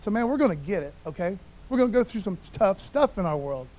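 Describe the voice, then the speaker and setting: A man preaches in a loose, conversational way, often dropping in "man" and asking the crowd for an amen. His voice sits high for a man and he shifts freely between quiet asides and raised, emphatic points. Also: very animated, fast talker. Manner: conversational, keeps saying "man", calls for amens. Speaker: pastor. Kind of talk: casual sermon.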